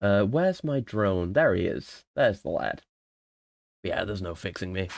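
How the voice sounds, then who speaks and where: A man's voice: low-pitched, animated, measured pace, gravelly, noisy background. A young man streaming a game, rambling and swearing in a self-mocking, casual commentary.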